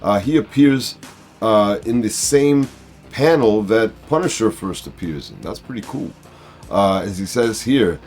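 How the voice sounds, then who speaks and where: A man hosting a casual comic book review, talking in a halting way with many fillers. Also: on the low side, expressive, a little mellow, faint music behind. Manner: halting, full of uh and um. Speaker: comic book video host.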